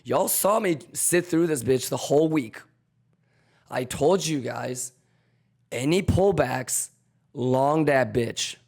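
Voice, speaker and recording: A man hosting a trading livestream, loud and swaggering, swearing and chanting, his voice hoarse and almost gone. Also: medium pitch, takes it slowly. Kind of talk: hyped livestream chat. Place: home.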